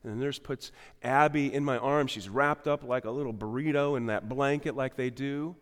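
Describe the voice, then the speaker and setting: A man preaching a sermon as pastor, shifting between loud emphasis and quiet asides. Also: mid-range voice, normal speed. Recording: long hall reverb.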